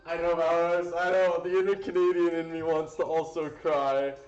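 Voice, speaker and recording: A man's voice: a little high, flat delivery, normal speed, darkish tone. Man chatting while cooking on a stream. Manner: loose and rambling, with fillers and casual swearing. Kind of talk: casual live-stream cooking chat. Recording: roomy, dull lo-fi sound with faint music.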